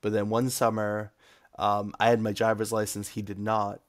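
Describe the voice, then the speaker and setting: A man from Massachusetts, a game designer, talking casually as a guest in an interview, relaxed and hesitant with frequent ums. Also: on the low side, moderate pace. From Massachusetts, USA.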